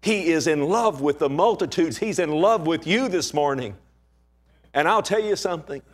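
Impassioned preacher man, somewhat high voice. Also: animated, normal speed. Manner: impassioned, rhetorical questions, swings between loud and hushed. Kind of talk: sermon.

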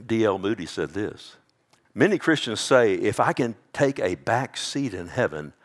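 A man preaching a sermon as pastor, swinging between loud emphasis and hushed tones, often calling out "amen?" and "loved one.". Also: lowish voice, very animated, unhurried. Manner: addresses listeners as "loved one", asks "amen?".

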